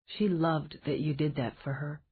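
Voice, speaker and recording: A woman voicing an outspoken, flustered young woman who talks in quick, exclamatory bursts. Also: sits low, husky, voice pushed down, heavily acted. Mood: animated. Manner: exclamatory, animated. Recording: tinny phone-like band.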